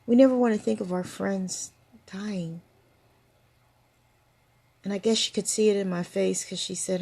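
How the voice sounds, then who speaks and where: A woman's voice: mid-range voice, measured pace, gravelly, pauses often, warm tone. An older woman hosting, telling personal stories in a reflective way and laughing often. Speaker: storytelling host. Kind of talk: personal storytelling to camera.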